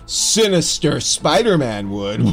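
Male podcast co-host, mid-pitched, dry joking delivery, slight lisp, with faint music behind him. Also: vocal fry, fairly bright tone. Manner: wry, joking, sarcastic asides. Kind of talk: casual podcast chat and plot recap.

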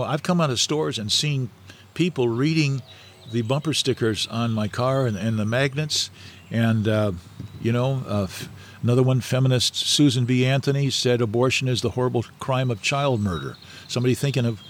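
A man's voice: medium pitch, slight background noise. A middle-aged man, a guest in an interview, telling stories in a rambling, anecdotal way with many fillers and restarts. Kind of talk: casual storytelling interview.

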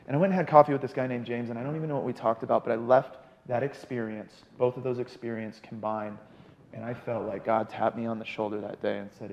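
This podcast guest from Arizona recounts his recovery in a casual conversation, his mid-range voice brisk and animated as he mimics the people he quotes. The audio is dull, with a long reverb tail.

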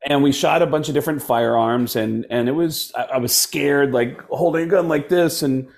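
Halting man telling a casual story. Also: medium pitch, vocal fry. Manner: halting, many ums and restarts. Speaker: podcast guest, comedian.

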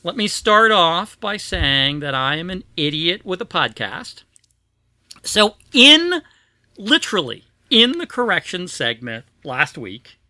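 A man hosts a casual podcast, chatty and self-deprecating, stumbling through fillers. His voice sits high and rings very bright. The sound is close and dry. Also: no room sound. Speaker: podcast host.

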